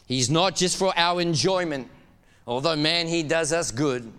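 A man preaching a sermon in a church, animated and laughing as he urges the congregation to call back to him. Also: a little high, a little slow, smooth, big-room sound. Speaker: pastor.

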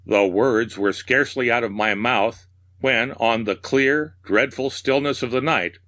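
A man reading a horror tale aloud with measured, darkly theatrical narration. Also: mid-range voice, fairly bright tone. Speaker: storyteller.

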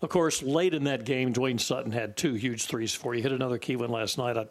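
A man's voice: medium pitch, brisk. Easygoing guy hosting a sports radio show live at an event, chatty. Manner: chatty, easygoing, laughs often.

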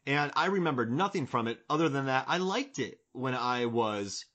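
A man in his forties hosts a casual podcast conversation, drifting from one comic bit to the next. His voice sits at an ordinary middle pitch, and he jokes his way through long, rambling thoughts. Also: animated, moderate pace, a bit bright, dull audio. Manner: joking, rambling, fond of bits. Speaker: podcast host.

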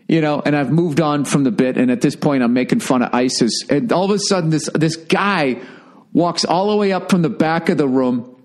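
A stand-up comedian telling a profane anecdote, ranting indignantly with heavy swearing. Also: male voice, fairly high pitch, a little mellow.

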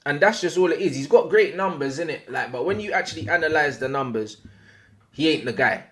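A man's voice: on the high side, expressive, brisk, a bit bright. A young man with a London accent, co-hosting a football podcast, giving blunt opinions in slang. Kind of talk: casual chat.

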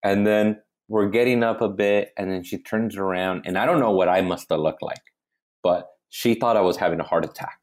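Deep-voiced man telling a profane story. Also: moderate pace. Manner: animated, profane, keeps restarting. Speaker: comedian guest. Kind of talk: casual storytelling chat.

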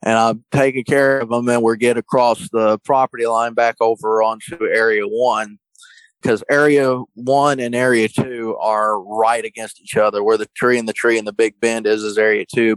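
A man telling a story in a folksy, colloquial way, getting animated when he quotes other people. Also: lowish voice, normal speed, dry recording, rough recording. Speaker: guest storyteller. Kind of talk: casual storytelling.

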